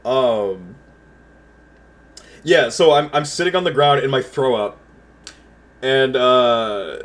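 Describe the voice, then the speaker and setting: A man's voice: mid-range voice, slow, fairly bright tone. A young man livestreaming from home, telling a rambling story to his chat with stuttered restarts and lots of swearing. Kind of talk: casual storytelling while chatting with viewers.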